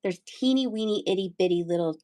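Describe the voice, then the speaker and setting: A fast-talking woman with a medium-pitched, mellow voice hosts a casual sale on a live stream. The middle-aged Pennsylvanian is chatty and playful, breaking into giggles and sing-song asides.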